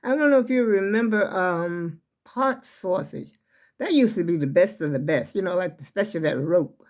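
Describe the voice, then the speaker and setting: A woman's voice: on the low side, expressive, normal speed, darkish tone. An older woman vlogging from her home kitchen, chatting in a meandering way straight to her viewers and sounding a little out of breath. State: slightly out of breath. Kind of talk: casual rambling vlog chat.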